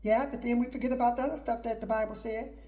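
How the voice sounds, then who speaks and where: A woman's voice: fairly high pitch, fairly even intonation, fast, warm tone. A middle-aged woman hosting her own show, giving an emphatic, repetitive preaching talk mixed with personal testimony. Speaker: host.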